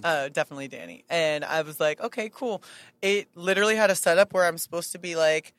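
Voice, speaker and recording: A woman's voice: low voice, fast talker, no echo. A woman guest in a casual chat, telling stories animatedly and laughing a lot.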